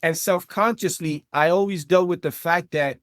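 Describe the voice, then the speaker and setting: This South Florida man in his thirties, a vet tech and entrepreneur guesting on a podcast, has a higher voice and talks at a normal speed. He's an animated storyteller in a casual interview, packing in fillers and addressing listeners as "guys," captured cleanly in a studio without echo.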